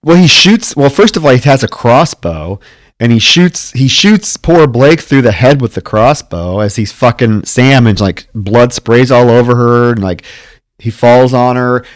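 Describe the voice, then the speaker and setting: Animated man recapping a film. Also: medium pitch, a little slow, no room sound. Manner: animated retelling, acts out the characters' lines. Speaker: podcast co-host. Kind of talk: casual film-review chat.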